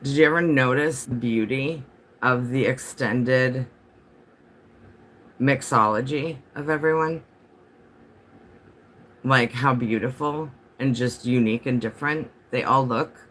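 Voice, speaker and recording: A man's voice: mid-range voice, measured pace, pauses often, a bit bright, slight background noise. A man chatting casually on a home livestream, rambling from topic to topic and answering viewer comments as they come in.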